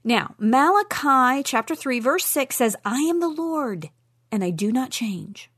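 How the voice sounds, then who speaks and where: A woman's voice: high voice, big pitch swings, measured pace, fairly bright tone, slightly rough. A middle-aged woman teaching a Bible lesson in an emphatic way, with playful asides. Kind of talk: teaching talk on Scripture.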